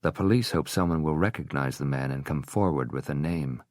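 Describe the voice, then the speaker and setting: A man voicing a grieving widow who answers in a measured, pointed way. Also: rumbling low, darkish tone, dry recording, clean studio sound. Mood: cool, guarded. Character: grieving widow, guarded and cool.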